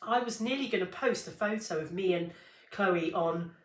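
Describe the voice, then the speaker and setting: A woman's voice: lowish voice, moderate pace. A middle-aged woman co-hosting a podcast, chatting candidly, swearing and laughing as she acts out quoted lines. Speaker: podcast co-host. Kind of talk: casual chat. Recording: echoey room.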